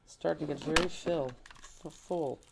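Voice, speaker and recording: With a low, creaky voice that stays steady at a moderate pace, a woman runs a live online crafting class amid heavy background noise. She's chatty and exclaims, fretting as she looks for things and sometimes stepping away from the mic.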